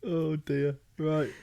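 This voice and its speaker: A man's voice: fairly high pitch, gravelly, dark tone. A man co-hosting a comedy podcast, teasing his co-host with short prompts and quips. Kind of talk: casual podcast banter.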